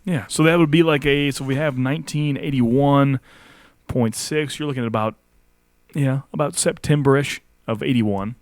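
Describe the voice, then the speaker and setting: A man with a mid-pitched voice works out averages out loud in a casual podcast chat. He is recorded dry and close to the mic. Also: steady tone, normal speed, no echo. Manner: works out number averages aloud. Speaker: podcast co-host.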